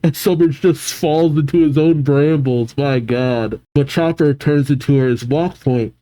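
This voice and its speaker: A man's voice: fairly high pitch, measured pace, dark tone, low-quality recording. A man hosting a manga reaction, reading the chapter aloud and breaking off to react. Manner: reads narration aloud, breaks off with sighs and emotional asides.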